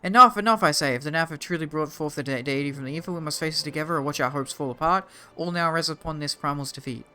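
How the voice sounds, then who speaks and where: An earnest young noble scholar who takes charge, read by an Australian man in a bright, forward voice. He reads in a formal tone, a little raised. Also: on the high side, fast, few pauses, clear, resonant tone. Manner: reading quest dialogue aloud, slightly raised and formal.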